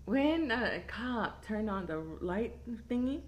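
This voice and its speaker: A young woman, telling a crude story in casual chat, animated and laughing often. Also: on the high side, takes it slowly, highs cut off, slight background noise. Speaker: storyteller guest.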